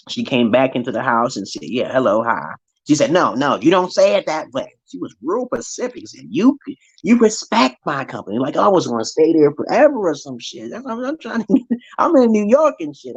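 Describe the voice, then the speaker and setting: A man's voice: a little high, very animated, fairly quick, slightly rough, no echo. A man telling a long personal story in a casual, profane monologue, acting out the voices he quotes. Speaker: vlogger. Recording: dry, dull lo-fi sound.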